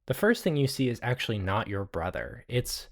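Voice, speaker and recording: A man's voice: mid-range voice, sing-song, normal speed. A man narrating a tabletop game as game master, casual and hesitant with many fillers.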